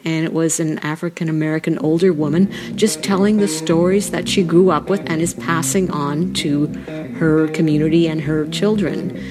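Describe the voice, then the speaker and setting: A woman's voice: low voice, a little mellow. A woman in a reflective conversation, thinking aloud and searching for her words, checking in with her listener. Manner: thoughtful, searching for words, asks "right?".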